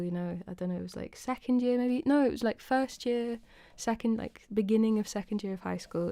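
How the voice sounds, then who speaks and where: A woman's voice: medium pitch, warm tone, no echo. A young woman from the UK hosting her weekly live stream, chatting casually and self-deprecatingly with viewers, greeting them by name and rambling through stories. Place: home, indoors.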